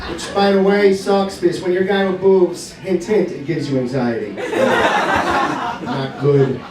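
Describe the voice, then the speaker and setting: A middle-aged man doing a stand-up comedy set, brash and swearing, shouting his punchlines at a live crowd in a bar. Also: sits high, fairly even intonation, a little slow, recorded from a distance, very noisy. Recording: echoey room, from afar, crowd laughter.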